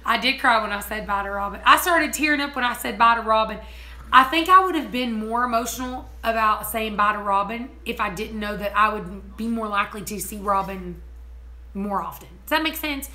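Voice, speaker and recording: Bright, giggly chatty woman. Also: on the high side, fairly quick. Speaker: homesteading vlogger. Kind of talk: casual chat.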